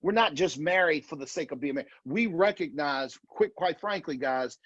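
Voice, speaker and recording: Earnest husky man, online talk. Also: on the high side, expressive, normal speed, a bit bright, dry recording, lo-fi sound. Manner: earnest, repetitive emphatic delivery with restarts. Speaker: marriage conference speaker.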